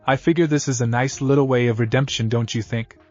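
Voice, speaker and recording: A man's voice: mid-range voice, fairly even intonation, a little fast, a little mellow, highs cut off, faint music behind, natural voice. A man reading the lines of a brooding, bitter boy ninja in a plain read-aloud manner. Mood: weary.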